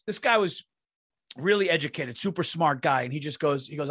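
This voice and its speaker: Profane, rambling man telling stories, high voice, dry sound. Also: animated, brisk, fairly bright tone, no room sound. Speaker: comedian podcast host. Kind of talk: casual storytelling chat.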